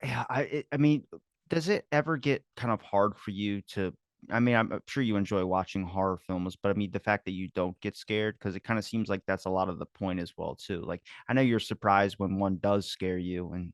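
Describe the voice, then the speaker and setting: A man's voice: on the low side, fairly even intonation, brisk, no room sound, clean studio sound. A young man hosting an interview, asking rambling questions full of fillers in a casual chat.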